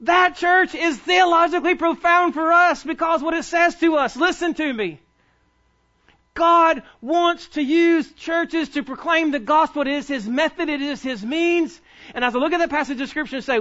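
A male pastor delivering a sermon in a church, urging his listeners to hear him. His voice sits very high and sounds bright and forceful. The recording is dull and lo-fi. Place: church sanctuary.

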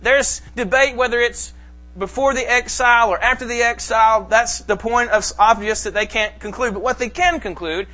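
A man preaching a sermon to a congregation, reading scripture slowly and with emphasis. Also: extremely high pitch, pushed and bright. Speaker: pastor. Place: church sanctuary.

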